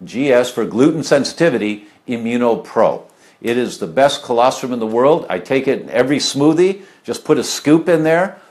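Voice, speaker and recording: Middle-aged male health speaker, lively rambling delivery, frequent ums and asides. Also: mid-range voice, moderate pace. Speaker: health speaker answering viewer questions. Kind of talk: casual live talk.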